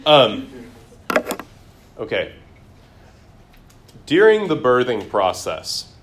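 A man's voice: fairly low pitch, unhurried, slight background noise. A man leading a Bible class in a room, putting questions to the group and reading scripture aloud. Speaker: Bible study teacher. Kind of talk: interactive Bible class teaching.

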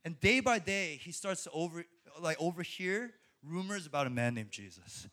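Young male preacher, high voice, animated, laughs often and stumbles into restarts. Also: normal speed. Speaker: speaker at a college ministry. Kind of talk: sermon.

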